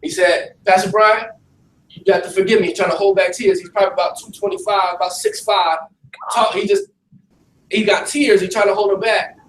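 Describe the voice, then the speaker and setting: A man preaching as a pastor to a young audience, streetwise and animated, talking back and forth with the crowd. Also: high-pitched, normal speed. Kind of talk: preaching to young people in a facility. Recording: echoey room, mic at a distance, light hiss.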